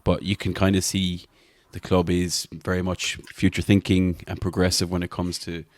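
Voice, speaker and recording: Low-voiced male host from Ireland, dry close sound, easygoing interviewer. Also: flat delivery, normal speed, no echo. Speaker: podcast host. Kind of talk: casual podcast chat.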